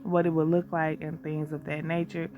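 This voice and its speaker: With phone-quality sound, a woman speaks at normal speed in a low voice and level tone, scratchy as she recovers from a cold. The soap maker and shop owner casually walks through making soap, calling viewers y'all, over background music.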